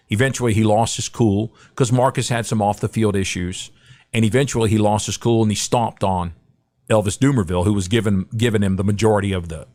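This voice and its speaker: A man's voice: on the low side, a little mellow. A middle-aged man, a guest broadcaster, telling anecdotes in a podcast interview and acting out the quotes.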